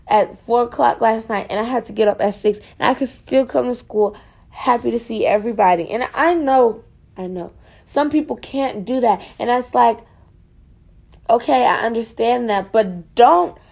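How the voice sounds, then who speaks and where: A woman's voice: on the high side, vocal fry. Rambling, frustrated woman venting. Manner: rambling, frustrated, filler-heavy. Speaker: student podcaster. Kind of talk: casual venting monologue.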